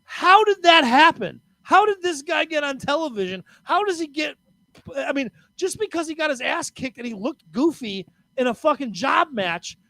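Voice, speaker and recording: A man's voice: very high-pitched, sing-song, normal speed, pushed and bright, no echo. A man co-hosting a podcast, reacting with disbelief in casual chat. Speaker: podcast co-host.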